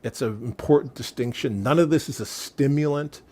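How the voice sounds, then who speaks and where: A man's voice: mid-range voice, moderate pace, dark tone. An American man in his sixties, a guest in an interview, talking casually and often restarting and searching for words. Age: 60s. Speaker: guest, wellness product maker.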